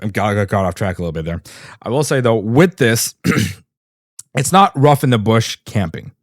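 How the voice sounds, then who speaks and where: A man co-hosting a podcast, casually recapping an anime and acting out the characters' lines with lively switches of voice. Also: lowish voice, moderate pace, no room sound, clean studio sound. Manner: animated retelling, acts out characters' lines. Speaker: podcast co-host.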